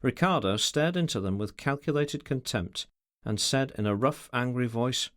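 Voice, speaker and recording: A man's voice: mid-range voice, moderate pace, a bit bright, no room sound, studio quality. A man reading an unabridged classic novel aloud as an audiobook narrator, telling the story expressively. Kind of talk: scripted narration.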